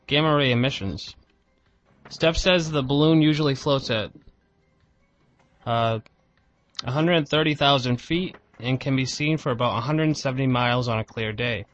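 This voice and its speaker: A man's voice: mid-range voice, fairly bright tone, no room sound, lo-fi sound. Man co-host reading news plainly.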